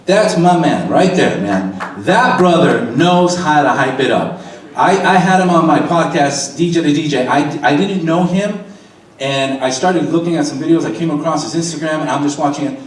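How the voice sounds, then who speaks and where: A middle-aged man, a radio DJ, giving a lively seminar talk on microphone use and acting out voices for the audience. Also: fairly high pitch, moderate pace. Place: seminar room. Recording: echoey room, voice from far off.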